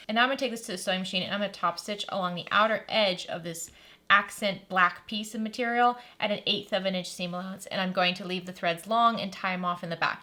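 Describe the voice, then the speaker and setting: A woman's voice: medium pitch, sharp tone. A woman giving a chatty step-by-step sewing tutorial, thinking aloud as she works. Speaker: sewing instructor.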